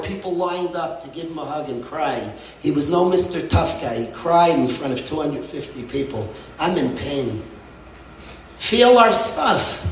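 Man, rabbi, sermon, impassioned, high voice, echoey room, off-mic. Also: distant mic, a little hiss or hum. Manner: impassioned, swinging between soft and loud. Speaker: rabbi, head of a yeshiva.

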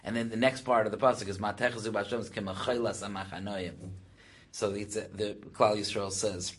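A man's voice: on the low side, steady tone, a little fast, fairly bright tone, husky. A man, a rabbi, giving a Torah class. He explains Hebrew texts in English, his voice rises when he quotes them, and he thinks aloud with many restarts.

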